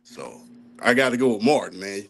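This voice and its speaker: A man from the American South chatting on a podcast and telling a relaxed family story. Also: fairly low pitch, normal speed, gravelly. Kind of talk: casual podcast chat.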